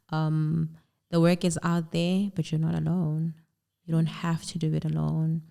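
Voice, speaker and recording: Woman podcast guest, deep voice, warm dark tone, earnest and encouraging. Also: gravelly. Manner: earnest and encouraging, speaks in affirmations. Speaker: podcast guest, mom blogger. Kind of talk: heartfelt conversational interview.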